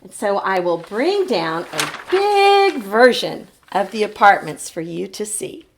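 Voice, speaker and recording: A woman teacher leads a phonics lesson for children on a televised show. Her pace is slow and unhurried, and her pitch rises and falls a great deal as she models each sound. She asks the children to say the sounds back to her. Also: sing-song, a little hiss or hum. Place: TV studio lesson set.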